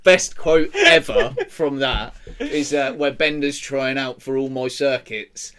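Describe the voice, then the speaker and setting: A man's voice: mid-range voice, big pitch swings, takes it slowly, fairly bright tone, clear, resonant tone. A man co-hosting a casual podcast, bantering and teasing with laughter. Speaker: podcast co-host.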